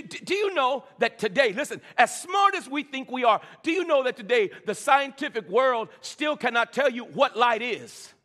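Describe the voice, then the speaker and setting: A very high-pitched, sharp-toned male preacher addresses the congregation in a reverberant church sanctuary. His sermon builds through call-and-response, with frequent stammered repetitions of words.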